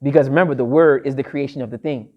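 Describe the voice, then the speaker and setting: A man's voice: mid-range voice, fairly even intonation, fast talker, phone-quality sound. A man lecturing to a live audience, emphatic and repeating his key phrases like a refrain. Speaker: speaker addressing an audience.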